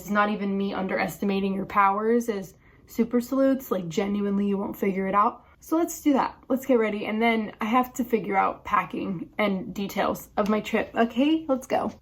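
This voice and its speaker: A young woman chatting casually to camera in her home office, sarcastic and cursing freely between little laughs. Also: mid-range voice. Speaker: vlogger and actress. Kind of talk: casual vlog chat to camera. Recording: roomy echoey room.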